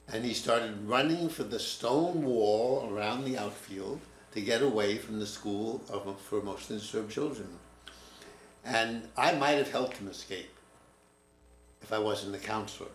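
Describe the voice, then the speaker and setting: A man in his seventies, a writing teacher, telling a personal story in a reflective, halting way. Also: on the low side, a bit bright. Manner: reflective, halting, restarts mid-word. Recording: roomy echo, faint room noise.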